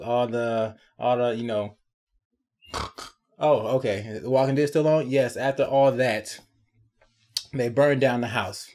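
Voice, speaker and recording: A man with a mid-range voice talks through a TV episode in a loose, conversational recap. His delivery is chatty and animated, with sarcastic asides and quick check-ins to the viewer. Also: mid-range voice. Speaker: TV episode reviewer. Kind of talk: casual spoken episode recap and review.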